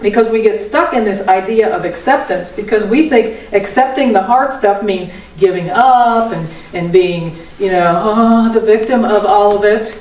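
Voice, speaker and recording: A woman's voice: mid-range voice, normal speed, hardly any pauses, a little mellow. Older woman teaching in an echoey room. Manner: folksy, repeats phrases, asks rhetorical questions. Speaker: spiritual teacher. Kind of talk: conversational dharma talk. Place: meeting room of a spiritual center. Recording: echoey room, voice from a distant mic.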